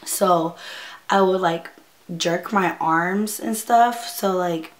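Slow-talking young woman vlogger, rambling. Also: lowish voice, slight background noise. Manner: rambling, many fillers, laughs nervously. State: near tears at times. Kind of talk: casual storytime.

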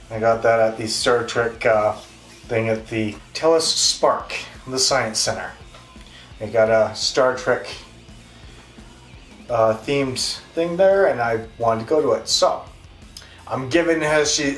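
A man's voice: mid-range voice, slow pace. A man with a Canadian accent hosting a casual beer review, talking in a chatty, rambling, self-deprecating way. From Western Canada. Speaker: beer reviewer, show host. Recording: echoey room, distant mic, faint music.

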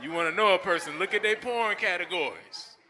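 A male host emceeing a comedy show on stage, shouting to the crowd and laughing as he talks. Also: high voice, brisk. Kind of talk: stand-up emceeing. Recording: reverberant club with faint crowd noise.

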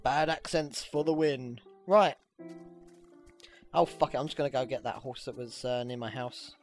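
A gamer giving casual, excitable gameplay commentary, swearing freely and squealing when things go well. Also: mid-range voice, normal speed, faint music behind. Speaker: let's play gamer.

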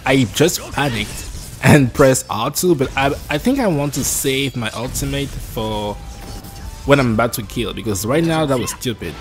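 A man giving live commentary on his own match, excitable and jumpy, talking to himself as he plays. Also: medium pitch. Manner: excitable, jumpy, talks to himself while playing. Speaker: gameplay streamer.

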